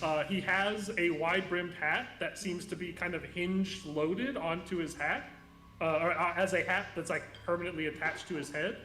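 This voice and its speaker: A man's voice: sits high, moderate pace, bright, forceful tone, a little hiss or hum. A man narrating a tabletop game as game master, describing scenes in rambling, self-correcting bursts, recorded in an echoey room.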